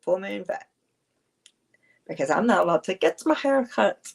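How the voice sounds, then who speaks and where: A woman's voice: mid-range voice, animated, moderate pace, creaky, breathy edge. A woman, chatting casually on a livestream, rambling, answering viewers and laughing often. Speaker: livestream host.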